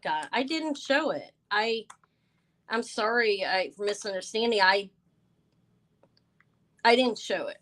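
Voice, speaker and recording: A tired, stressed woman hosting a live jewelry sale speaks in a low-ish, fairly bright voice, unhurried and pausing often. Flustered and apologetic, she stumbles and restarts through her live-stream sales chat, captured on a low-quality recording.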